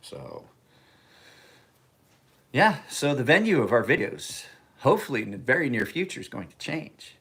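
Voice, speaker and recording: A man's voice: medium pitch, big pitch swings, normal speed, creaky, pauses often, a bit bright, husky. A man casually chatting on a livestream from his home kitchen, rambling and joking as he talks. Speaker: knife sharpener and livestream host.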